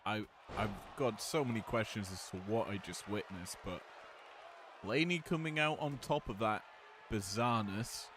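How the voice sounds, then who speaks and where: A man calling a wrestling match play-by-play, drifting between relaxed chatty asides and louder calls on big moves, with a slight growl in his voice. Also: on the low side, moderate pace, background noise. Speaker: wrestling commentator. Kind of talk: play-by-play commentary on a simulated match.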